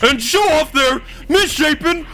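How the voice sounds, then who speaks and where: A man doing a slow, dopey Patrick. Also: very high-pitched, expressive, pushed and bright, pitched above the performer's own voice, exaggerated voice. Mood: dopey ranting. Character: dim-witted loud male cartoon starfish.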